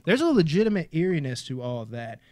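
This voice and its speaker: Brief: Kentucky man, podcast host, slightly high voice, dry close sound, swears a lot, excitable. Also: fast, no echo. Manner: profane, excitable, calls listeners dude. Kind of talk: casual movie-review podcast chat.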